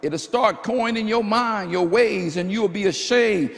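A man's voice: high voice, measured pace, gravelly. A man preaching a sermon as pastor at a church service, fervent and full of repeated phrases. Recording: long hall reverb.

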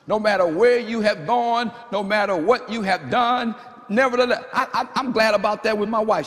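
A male pastor with a high voice preaches with fervor, stacking up repeated phrases. His sermon rings through a church with a long, hanging reverb. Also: normal speed, fairly bright tone. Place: church service.

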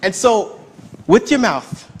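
A man with a notably high voice delivers a sermon in a loose, conversational style. He leans on repetition for emphasis, speaking as if chatting with his congregation. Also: big pitch swings, slow pace. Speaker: preacher.

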